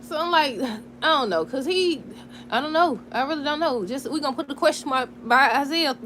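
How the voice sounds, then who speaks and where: A woman in casual chat recapping a soap opera episode, animated, laughing and talking back to the characters. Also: high voice, normal speed, slight background noise. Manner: chatty, talks back to the characters.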